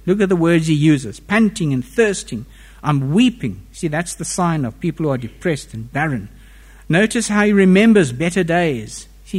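Guy preaching a sermon, pretty high voice, gets loud and drops quiet for emphasis. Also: slightly rough. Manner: expressive preaching with sharp rises in pitch and volume for emphasis.

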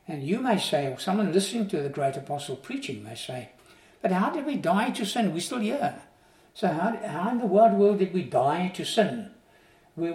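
A man's voice: a little high, a little mellow. Guy preaching a sermon, earnest and emphatic, echoey room, mic kinda far off. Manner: earnest, emphatic teaching with rhetorical questions. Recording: roomy sound, voice from a distance.

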